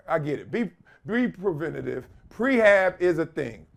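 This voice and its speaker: A man hosting a podcast, talking in animated casual commentary, laughing often and slipping into quick voices of other people. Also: fairly high pitch, vocal fry. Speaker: podcast host.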